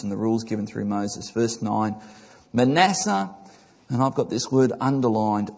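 A pastor preaches with a husky voice, swinging from emphatic highs to quiet lows. He reads scripture and stops to comment on it. His words ring out with the long reverb of a large church hall. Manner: emphatic preaching with big rises and drops. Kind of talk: sermon.

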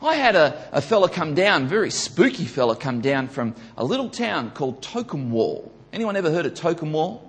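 A man preaching a sermon, building to loud emphatic peaks and repeating his key questions. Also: fairly high pitch, sing-song, moderate pace, few pauses. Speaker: pastor.

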